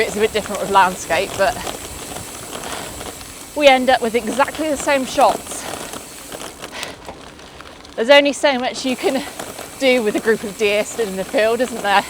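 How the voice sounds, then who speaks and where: A woman's voice: on the high side, a little hiss or hum. Chatty woman cycling outdoors. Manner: chatty, coos at animals. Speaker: cycling vlogger. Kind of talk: casual chat while riding. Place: outdoors in a forest on a bike.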